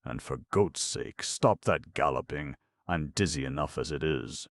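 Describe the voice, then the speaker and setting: A man voicing a young goat girl from a storybook, brisk, excitable and bossy. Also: rumbling low, no echo, studio quality, full character voice. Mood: alarmed. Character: brave young goat girl with seven hands.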